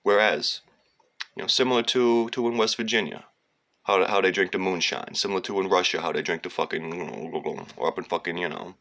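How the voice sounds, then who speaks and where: Low gravelly man, sharp bright edge, rambling and profane, loose monologue. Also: fairly even intonation, a little fast. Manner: digressive, profane, slips into sung lines and mocking voices. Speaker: storyteller.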